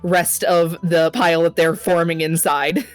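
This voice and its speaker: A woman with a lowish voice describes what her character does in a tabletop role-play, rambling through fillers. The delivery is casual and unhurried. Faint background music runs under her. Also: level tone. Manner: rambling, full of fillers and laughs. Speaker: player.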